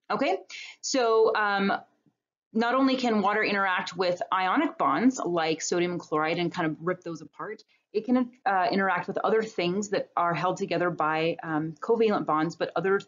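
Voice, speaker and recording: A woman's voice: lowish voice, normal speed, muffled recording. A woman biology instructor giving a recorded lecture over slides, explaining step by step in a conversational way. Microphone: webcam or computer mic on a talking-head recording.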